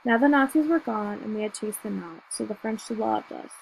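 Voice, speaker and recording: A woman reading a novel aloud in first person, telling the story in a steady, measured way. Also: mid-range voice, creaky, a little hiss or hum, low-quality recording. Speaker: audiobook reader.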